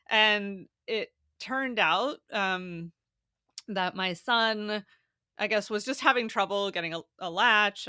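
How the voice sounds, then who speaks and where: A woman guest on a podcast, telling a story in an animated, casual way and laughing often. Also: lowish voice, dry recording, clean studio sound.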